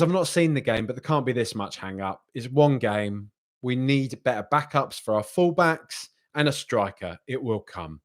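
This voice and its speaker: A young man hosts a live post-match reaction stream. He reads out viewer comments and answers them in an animated, conversational way. He often restarts and repeats his phrases. His voice sits at an ordinary middle pitch. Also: moderate pace, hardly any pauses. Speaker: football podcast host.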